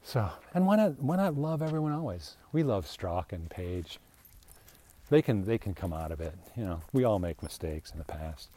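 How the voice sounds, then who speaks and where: A man's voice: on the low side, very animated, normal speed, dark tone. An older man talking through a casual commentary monologue, rambling and chuckling. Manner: rambling, chuckling, slips into mocking voices. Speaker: political commentator.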